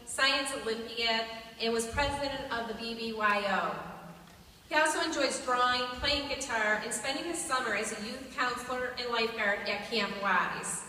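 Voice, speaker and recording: A woman's voice: fairly high pitch, moderate pace, pushed and bright, slight background noise. A woman reading a formal introduction of a student at a graduation. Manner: reads a prepared introduction. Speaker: school staff presenter. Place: large hall. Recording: echoey hall from far off.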